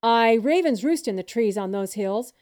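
A woman's voice: on the high side, animated, moderate pace, a little mellow, lightly acted. A woman voicing an elderly farmer man in an audiobook, with a plain, matter-of-fact way of talking.

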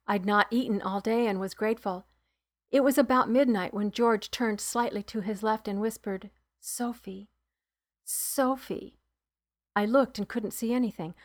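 A woman reading her own novel aloud as a podcast author and narrator, in a soft, subdued way. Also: medium pitch, steady tone, moderate pace, no room sound, studio quality.

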